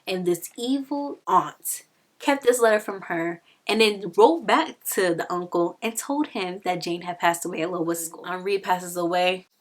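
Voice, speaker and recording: A woman's voice: on the low side, measured pace. A young woman casually reviewing and retelling a novel, chatty and peppered with "like", acting out the characters' lines. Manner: chatty, peppered with "like", acts out quotes. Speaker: book reviewer.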